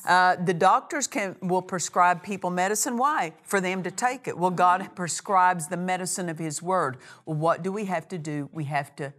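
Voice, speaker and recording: A woman preaching a sermon, leaning on key phrases and slowing down to read scripture. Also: on the low side, a bit bright. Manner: emphatic, repeats key phrases, slows on scripture.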